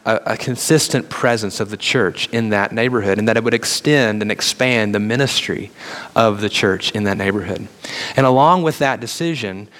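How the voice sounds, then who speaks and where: A man's voice: mid-range voice, a bit bright. A man, a minister preaching a sermon and telling stories from his neighborhood life. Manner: storytelling, quotes others in conversation.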